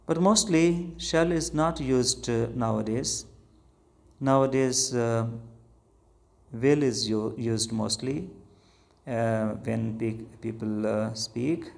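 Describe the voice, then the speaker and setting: A male English teacher with a Pakistani English accent, whose first language is Urdu, walks through grammar rules at an unhurried, deliberate pace. His voice carries a gravelly roughness, and he often pauses on fillers while he works out each point. He sounds like a classroom instructor talking through examples one by one. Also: mid-range voice, a little mellow. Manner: slow, deliberate explaining with frequent uh fillers. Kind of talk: grammar lesson.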